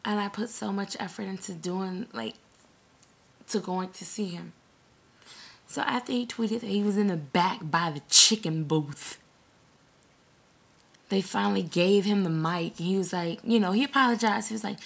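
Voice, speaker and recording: A woman from New York, hoarse from screaming, telling a long story in an animated, indignant, swearing rant with a New York accent. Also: medium pitch, moderate pace, long pauses.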